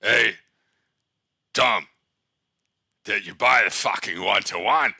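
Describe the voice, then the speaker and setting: Man impersonating a drunk Australian mentor, Australian accent, loud, cursing, gravelly. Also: lowish voice, slow, dry recording, studio quality, voice pushed up, full character voice. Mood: drunk and scolding. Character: drunk, mean-spirited Australian male trading mentor.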